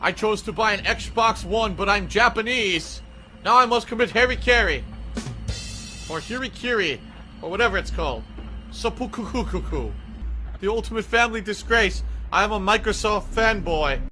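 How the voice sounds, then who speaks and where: A melodramatic, disgraced young Japanese man wails about family shame in a high, bright voice, as a man puts him on for laughs. The delivery stays overblown and mock-serious. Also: lively intonation, normal speed, faint music behind.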